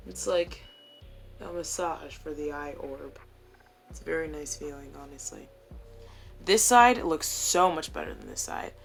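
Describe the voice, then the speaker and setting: A woman's voice: on the low side, a bit bright. A young woman vlogging casually to her phone camera while doing her makeup at home, chatty, joking and candid, with plenty of swearing.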